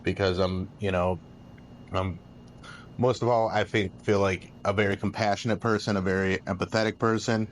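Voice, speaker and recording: A man's voice: low voice, little pitch movement, normal speed, slight background noise. A man, a radio host and comedian, chatting casually on a podcast and restarting his sentences often. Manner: rambling, repeats words when starting sentences.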